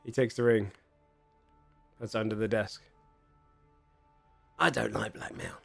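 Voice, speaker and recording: A man voicing a shady, wary shopkeeper who mutters in a low, hushed way. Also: steady tone, measured pace, vocal fry, no room sound, faint music behind, full character voice. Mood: grumbling. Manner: quiet, muttering, evasive. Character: shady middle-aged male shopkeeper, evasive and wary.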